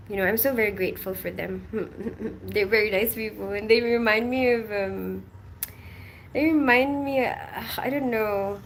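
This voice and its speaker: A woman's voice: fairly high pitch, a bit bright. Woman livestreamer, mixed Filipino-British accent, rambly and giggly, faint room hum. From Philippines. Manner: chatty, laughs often, rambling storytelling. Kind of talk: casual live-stream chat. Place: abroad in Colombia.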